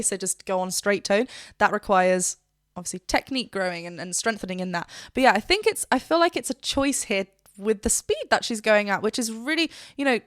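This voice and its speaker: A woman vocal coach with a medium-pitched, slightly bright voice reacts to a song in a clean, dry studio recording. She chats about vocal technique and now and then sings brief examples to illustrate.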